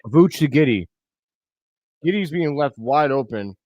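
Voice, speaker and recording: A man hosting a live reaction stream, giving blunt, excitable play-by-play commentary with loud outbursts. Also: fairly high pitch, measured pace, no room sound, dull audio. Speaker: host of a fan reaction stream.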